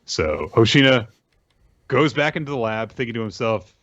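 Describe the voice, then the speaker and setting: A man's voice: mid-range voice, normal speed, dry recording, highs cut off. A man hosting a podcast, casually and animatedly recapping a manga chapter. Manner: animated retelling, drops into character voices. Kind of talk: casual chat.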